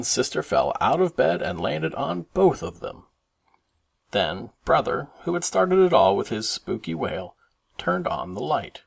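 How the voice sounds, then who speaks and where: Dad reading a picture book to his kids, low gravelly voice, very lively pitch. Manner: expressive, animated read-aloud. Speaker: parent reading aloud. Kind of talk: children's storybook narration.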